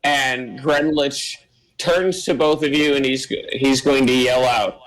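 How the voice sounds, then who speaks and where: A man running a tabletop game as game master, narrating haltingly with many fillers and quick bursts when he explains rules. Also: medium pitch, fairly even intonation, a bit bright, poor audio.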